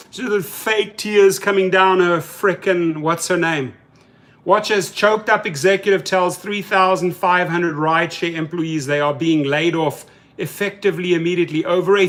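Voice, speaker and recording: A man's voice: sits high, a bit bright. A man hosting a live stream in casual talk, reading viewer comments aloud and speaking in heated, colloquial terms. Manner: heated, mocking.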